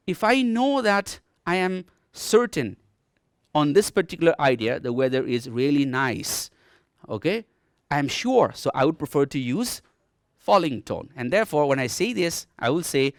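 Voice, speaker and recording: Speaking at normal speed in a sing-song, higher-pitched voice, this Nepali-accented man gives a TV distance-learning grammar lesson from an echo-free studio. His patient explanations are dotted with "okay," and he models rising and falling intonation.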